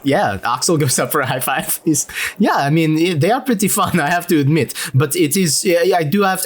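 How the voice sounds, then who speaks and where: A man with a high voice plays his character in a tabletop game. He rambles, hedges and fills pauses as he talks. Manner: rambling, hesitant, with many fillers. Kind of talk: in-character role-play.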